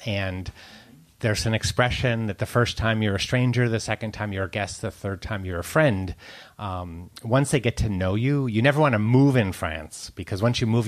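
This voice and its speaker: Male food writer, casual guest, chatty, somewhat low register. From United States. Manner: chatty, laughs often, many likes and ums. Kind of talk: casual interview chat.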